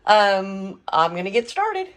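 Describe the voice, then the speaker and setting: A woman's voice: medium pitch, sing-song, takes it slowly, a bit bright, rough recording. A middle-aged woman hosting a casual home cooking vlog, chatting through each step as she works. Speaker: home cooking and garden vlogger.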